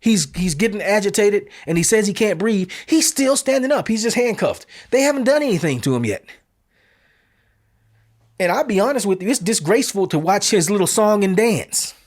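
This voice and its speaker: A man delivering opinion commentary as a show host, with a voice that sits a little high for a man. He talks bluntly and emphatically, leaning on casual street phrasing. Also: lively intonation, normal speed, darkish tone.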